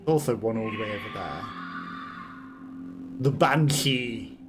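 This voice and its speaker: A man with a lowish, slightly slow voice hosts a let's play, chatting and musing aloud with chuckles as he plays. It's casual gameplay commentary, with game music playing behind him.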